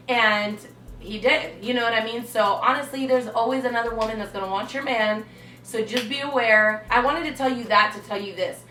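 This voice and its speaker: A young woman vlogger telling her story with dramatic flair, acting out every quote. Her voice is bright and fairly high. It rings in an echoey room, picked up from some distance. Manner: animated, dramatic, acts out quotes. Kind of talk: storytelling vlog. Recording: echoey room, away from mic.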